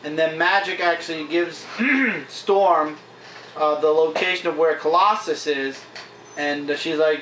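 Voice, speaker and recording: A man's voice: a little high, a little slow, a bit bright, a little hiss or hum. Chatty man reviewing comics in an echoey room. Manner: chatty, retells scenes with frequent fillers. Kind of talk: casual vlog review. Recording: echoey room, mic at a distance.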